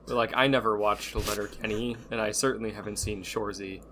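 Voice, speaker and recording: A man's voice: fairly low pitch, steady tone, brisk, sharp tone, a little hiss or hum. A man co-hosting a casual podcast with a dry, teasing manner. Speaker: podcast co-host.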